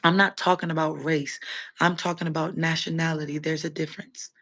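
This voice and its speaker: A woman's voice: deep voice, level tone, a little fast, fairly bright tone, slightly rough. A woman hosting a livestream, talking casually and bluntly as she answers her viewers' comments. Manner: blunt, opinionated, talks straight to chat. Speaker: livestream host.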